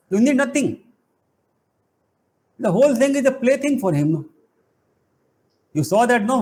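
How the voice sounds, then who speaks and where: A middle-aged man, giving an animated spiritual talk full of playful, emphatic rhetorical questions. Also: high voice. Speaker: spiritual teacher and college head.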